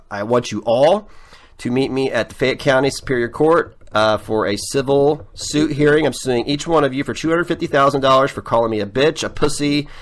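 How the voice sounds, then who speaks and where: A man's voice: mid-range voice, a bit bright. A man, hosting his show with a blunt, profane, agitated rant. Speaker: show host. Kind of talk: ranting monologue.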